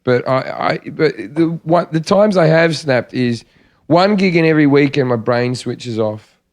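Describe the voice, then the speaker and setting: A man's voice: fairly high pitch, expressive, darkish tone. A man, a comedian, chatting casually about gigs and dropping dry, teasing remarks. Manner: dry, quick teasing interjections. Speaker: stand-up comedian guest. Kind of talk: casual chat.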